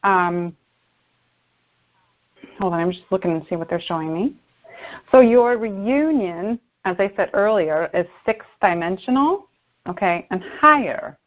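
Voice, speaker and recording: A woman channeler who gives spiritual guidance at a middling pitch and stops now and then to search for her words. The call-in audio sounds dull and lo-fi. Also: expressive. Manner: searching, pausing with fillers. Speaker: channeler, guest.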